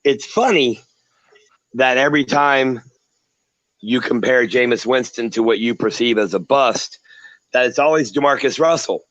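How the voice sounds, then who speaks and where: A man's voice: mid-range voice, a little slow, long pauses, a bit bright, dry recording. A man joining a sports talk show over a video call, ranting like a showman with mocking flair. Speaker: guest commentator. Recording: dull lo-fi call audio.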